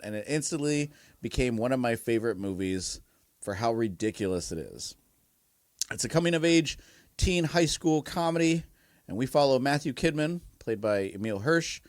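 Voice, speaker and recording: A man's voice: medium pitch, dry recording, studio quality. A man co-hosting a casual movie podcast, telling stories and laughing often. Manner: laughs often, animated storytelling. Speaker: podcast co-host. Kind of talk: casual movie review chat.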